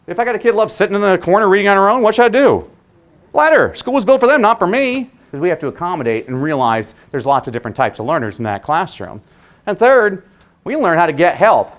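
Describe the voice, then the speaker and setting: A man giving a motivational keynote to an audience of teachers, with an animated, humorous, punchy delivery. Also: a little high. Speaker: keynote speaker. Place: conference venue before a live audience.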